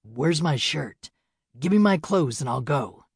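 A woman voicing an injured, confused young man whose voice is hoarse and uneven, speaking weakly in short, halting phrases. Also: deep voice, lively intonation, darkish tone, no room sound, studio quality, full character voice. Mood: weak, dazed.

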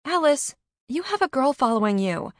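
A woman doing a loud, excitable young woman. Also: mid-range voice, normal speed, no room sound, studio quality, voice pushed up, close to an everyday voice. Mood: astonished. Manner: loud and exclaiming.

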